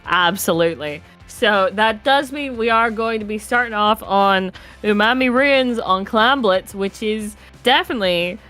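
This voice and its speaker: A woman's voice: on the high side, fairly bright tone. A woman giving color commentary on an online video game tournament, chatty and musing, laughing often. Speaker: esports co-commentator.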